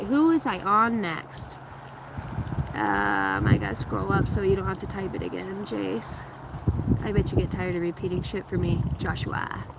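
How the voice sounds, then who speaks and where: Rich: A woman in her thirties or forties chats casually with her live viewers and reads them tarot cards. She swears freely and talks in a loose, offhand way. Her voice sits in the middle of the pitch range, with loud noise behind it. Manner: loose, profane, laughing, reading chat aloud. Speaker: tarot reader streaming live. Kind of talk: casual live-stream chat and card reading.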